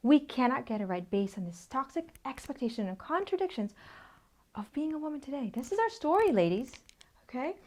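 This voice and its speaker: A woman's voice: high voice, sing-song, a little fast, darkish tone. A woman in her thirties presenting a workshop at a whiteboard, speaking emphatically, often dropping to a near-whisper for effect and checking in with "okay?". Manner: repeats "okay?" to check in with listeners. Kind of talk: teaching talk at a whiteboard.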